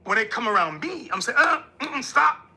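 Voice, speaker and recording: A man with a high, piercingly bright voice speaks with an emphatic, preachy drive. His tone carries a husky rasp as he lays out his views in an interview, now and then mimicking other voices. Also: big pitch swings, moderate pace. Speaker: religious leader. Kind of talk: interview talk.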